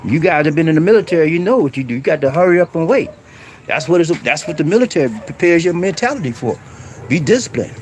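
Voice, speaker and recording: A man's voice: a little high, lively intonation, fast, darkish tone, slight background noise. Man chatting on an outdoor live stream. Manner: preachy, blunt, talks straight to viewers with slang. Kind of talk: casual live-stream chat. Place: outdoors in a rural area, rain starting.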